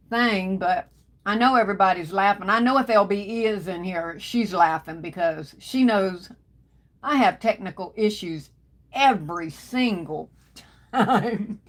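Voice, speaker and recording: A woman hosting a casual livestream, greeting viewers one by one and calling them baby and darling. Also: medium pitch. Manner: warm Southern endearments, calls viewers baby and darling. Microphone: phone.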